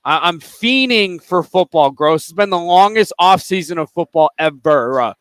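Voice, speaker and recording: A man's voice: on the high side, lively intonation, normal speed, fairly bright tone, clean tone, no room sound. Chatty male sports radio co-host. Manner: loose and chatty, full of filler words. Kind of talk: casual sports chat.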